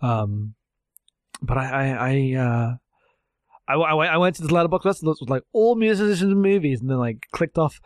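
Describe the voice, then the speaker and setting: A man co-hosting a casual podcast, talking in halting bursts full of restarts and fillers. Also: mid-range voice, expressive, no room sound, studio quality. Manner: halting, many restarts and fillers, self-deprecating. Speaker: podcast co-host.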